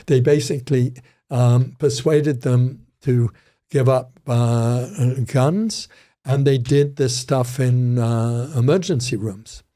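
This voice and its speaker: A man's voice: medium pitch, slow pace, warm tone. An older man, a criminology professor, telling rambling stories with frequent restarts in a casual interview.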